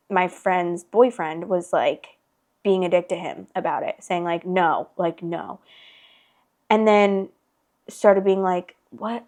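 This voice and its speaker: Chatty young woman with a lowish voice. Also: a little mellow. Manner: chatty, heavy filler "like", swears freely. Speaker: podcast host. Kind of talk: casual storytelling chat.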